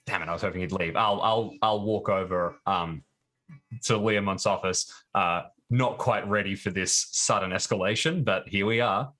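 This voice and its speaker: A man's voice: low-pitched, moderate pace, a bit bright. A man speaking as a player at a tabletop game, hesitant and stammering. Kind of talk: casual chat at a game table.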